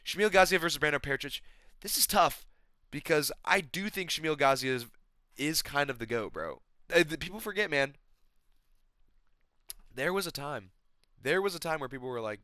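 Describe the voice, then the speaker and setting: Excitable young man, bright crisp voice. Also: on the high side, fairly quick, no room sound, clean studio sound. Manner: excitable, rambling, says "bro" constantly, swears. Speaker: MMA predictions host. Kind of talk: casual fight-prediction chat.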